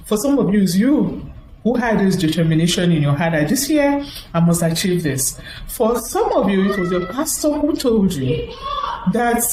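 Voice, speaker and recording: A woman speaking to an audience in a motivational talk, telling a personal story and acting out the voices of the people in it. Her pitch swings widely and her tone stays warm and mellow. The recording sounds roomy and echoey, with a faint hum of ambience behind her. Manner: acts out quoted voices, lively and chatty.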